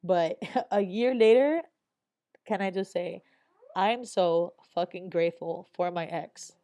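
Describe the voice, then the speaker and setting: A woman's voice: lowish voice, measured pace, mellow. A young adult woman vlogger giving a candid, reflective voice-over, casual and swearing freely.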